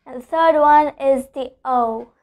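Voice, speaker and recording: A woman with a high voice teaches English pronunciation. She explains each rule patiently, says every example word more than once and keeps checking in with "okay?". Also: unhurried, a little mellow. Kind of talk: spoken pronunciation lesson.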